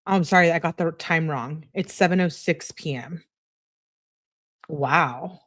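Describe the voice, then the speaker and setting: A woman's voice: low voice, measured pace, fairly bright tone, no room sound, studio quality. A woman hosting a true-crime channel, reading text messages aloud and adding chatty asides between the lines.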